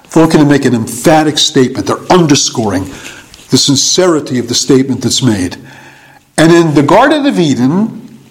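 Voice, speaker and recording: A middle-aged man teaching in a conversational sermon, musing and halting with small chuckles. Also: a little high, rough recording. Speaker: preacher.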